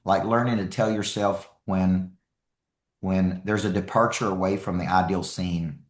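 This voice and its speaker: A man giving an energetic, emphatic live motivational talk as a speaker and coach, repeating key lines for effect. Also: sits low, measured pace, reverberant.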